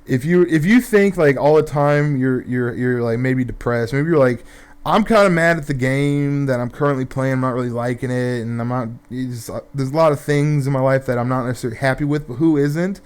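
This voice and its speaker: A man's voice: mid-range voice, fairly quick, clear, resonant tone. A young man telling a rambling, profane story in casual gameplay commentary, full of fillers and restarts.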